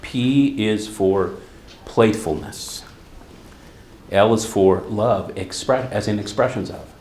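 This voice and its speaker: A man's voice: on the low side, slow, a little hiss or hum. Middle-aged guy giving a talk on stage, tells stories, does the voices, roomy echo. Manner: storytelling, animated, acts out quotes. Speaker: therapist. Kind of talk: conference talk. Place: conference hall.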